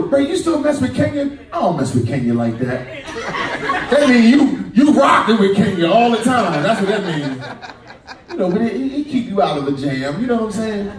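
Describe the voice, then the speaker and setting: A man doing a stand-up comedy routine, telling stories and acting out the voices of his friends. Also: sits high. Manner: animated storytelling, acts out voices of friends. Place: comedy club stage. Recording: echoey club, mic far, crowd laughing. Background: audience laughter.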